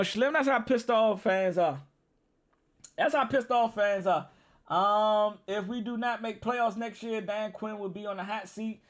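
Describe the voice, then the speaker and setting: A man hosts a live football reaction stream. His voice sits very high and sounds bright and forceful. He rants, swears and cracks up as he talks straight to his viewers. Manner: excitable, profane, laughing and ranting to viewers.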